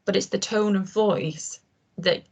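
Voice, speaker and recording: A woman's voice: medium pitch, fairly even intonation, measured pace, darkish tone. A woman trainer giving an informal online lesson on communication, explaining with frequent ums and restarts.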